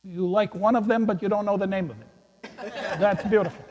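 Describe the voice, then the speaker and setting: A man, a priest, giving a gentle children's sermon in a church, telling a story and chuckling with the kids. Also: high-pitched, steady tone, moderate pace. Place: large church. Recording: echoey church hall.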